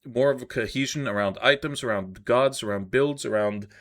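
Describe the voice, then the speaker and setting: A man's voice: medium pitch, normal speed. A man co-hosting a gaming podcast, giving opinions in casual chat with frequent fillers. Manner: opinionated, hesitant with many uh fillers. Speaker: podcast co-host.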